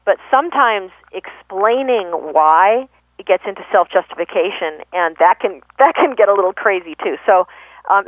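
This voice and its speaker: A woman guest explaining communication in a thoughtful, conversational way, pausing often with fillers and self-corrections. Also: on the low side, dry recording. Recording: tinny phone-line radio audio.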